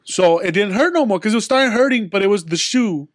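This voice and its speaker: A man's voice: sits high, expressive, fast, no echo, studio quality. A young man hosting a podcast, telling a rambling story in casual chat with friends, full of slang and swearing. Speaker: podcast host.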